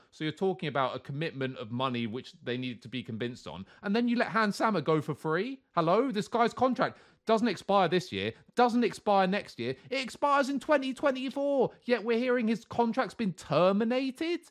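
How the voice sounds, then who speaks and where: A man rants on a casual podcast, swearing freely and mock-quoting people. His voice sits a little high and swings widely in pitch. He sounds fired up and blunt. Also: lively intonation, moderate pace, few pauses. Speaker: co-host. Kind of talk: heated casual podcast rant.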